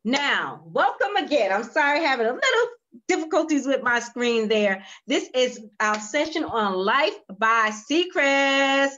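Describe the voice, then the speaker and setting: A woman hosting a virtual spa session over a video call, energetic and cheery, calling out to her viewers. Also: high voice, a little slow, dull audio. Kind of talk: lively livestream chat.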